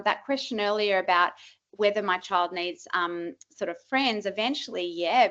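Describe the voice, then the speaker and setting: A woman, a parenting expert, giving a lively, emphatic presentation to parents. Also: mid-range voice, highs cut off.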